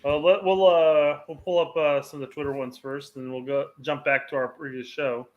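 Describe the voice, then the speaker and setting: A man in relaxed sports talk with a voice a touch higher than most. He is easygoing and hesitant, restarting his sentences as he thinks aloud. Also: moderate pace, dull audio. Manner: easygoing, hesitant, many fillers. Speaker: podcast co-host. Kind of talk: casual sports chat.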